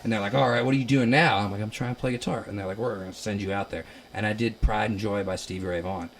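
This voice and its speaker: Young male musician from Ohio, casual chat in a basement, low voice, bursts into loud quoted lines. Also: quick pace. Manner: animated, laughing, acts out quotes loudly. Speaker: musician guest.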